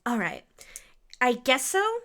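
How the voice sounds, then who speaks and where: Woman player, bright tone, a bit high, effusive, chatty. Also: huge pitch swings, takes it slowly. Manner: upbeat, effusive, chatty with fillers. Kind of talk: casual role-play chat.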